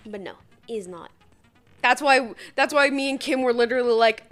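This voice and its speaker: Slow-talking woman with a Saskatchewan accent. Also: a little high, a bit bright, faint music behind. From Saskatchewan, Canada. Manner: giggly and chatty, swears casually, reads chat aloud. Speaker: streamer. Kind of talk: casual gaming stream chat.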